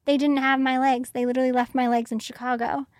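A woman's voice: high-pitched, little pitch movement, quick pace, no room sound, studio quality. A young woman telling a personal story in a casual, conversational way, full of "like" fillers. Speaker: interview guest.

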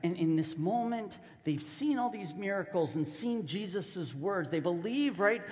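Lively, animated male preacher. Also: high voice, unhurried, big-room sound. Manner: animated, casual storytelling. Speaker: pastor. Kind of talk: sermon.

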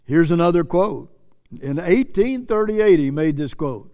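A man's voice: fairly high pitch, animated, a little slow, mellow, big-room sound. A man preaching earnestly, repeating phrases for emphasis and reading quotes aloud. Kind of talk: sermon commentary.

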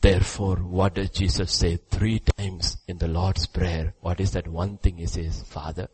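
Husky preacher swinging from hush to shout. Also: male voice, little pitch movement, measured pace, low-quality recording. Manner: swings between hushed low passages and loud, high exclamations. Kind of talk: sermon.

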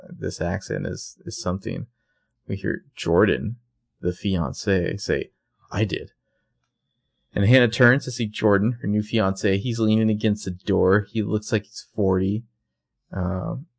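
Gravelly low-voiced man chatting. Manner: chatty, swears freely, laughs often. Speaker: podcast co-host. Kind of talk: casual recap chat.

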